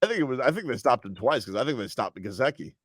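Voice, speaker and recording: Lively riffing sports radio host man. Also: medium pitch, fast, no echo, studio quality. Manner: chatty, riffs with mock quotes. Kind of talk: casual sports radio banter.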